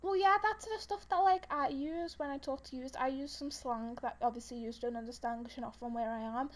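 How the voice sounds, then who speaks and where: High-voiced, giggly young woman. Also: a little fast. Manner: rambling, giggly storytelling with many fillers. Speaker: podcast co-host. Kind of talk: casual chat.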